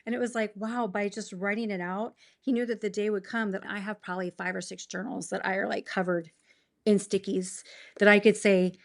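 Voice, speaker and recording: A woman's voice: mid-range voice, steady tone, creaky. Earnest woman sharing a faith testimony. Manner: earnest, emotional, quick bursts of enthusiasm. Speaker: podcast guest.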